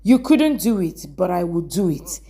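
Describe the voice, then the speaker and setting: Woman reading as a bitter vengeful young guy, lowish level voice, drama recap. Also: very animated, normal speed, warm tone. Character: angry vengeful young man forcing a wedding. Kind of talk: scripted recap narration.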